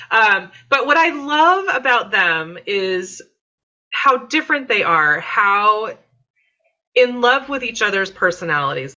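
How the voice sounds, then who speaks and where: Chatty woman with a bright voice. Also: medium pitch, sing-song, measured pace, lo-fi sound. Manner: chatty, laughing, many fillers. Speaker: podcast guest. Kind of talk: casual podcast chat.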